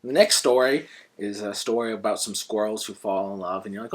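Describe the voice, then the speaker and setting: A man reviewing a book in a casual, conversational way and retelling the stories as he goes. His voice is low and husky, and he sometimes restarts a phrase mid-sentence. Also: fairly quick.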